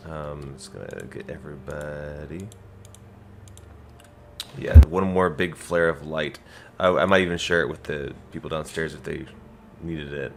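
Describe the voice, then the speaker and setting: A man playing a tabletop game who speaks haltingly, often stumbling and restarting. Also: rumbling low, steady tone, creaky, noisy background. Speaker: player.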